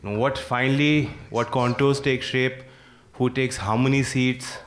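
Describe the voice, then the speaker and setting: A man with an Indian English accent speaking as a party leader on a TV panel, relaxed and evasive, with ready quips. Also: mid-range voice, unhurried. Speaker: party vice president, panel guest. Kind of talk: panel debate.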